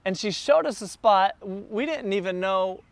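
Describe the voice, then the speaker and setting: A man who is a church planter, telling a casual, animated story to a group gathered in a backyard. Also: high-pitched, measured pace, creaky, no room sound. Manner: animated, builds excitement as the story goes on. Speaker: church planter addressing his launch team.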